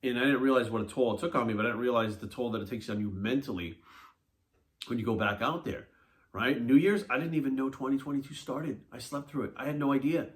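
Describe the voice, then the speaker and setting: A man who talks quickly. He is a fitness coach telling a personal story straight to his viewers. He is blunt and animated, and he swears freely. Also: medium pitch. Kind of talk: casual monologue to camera.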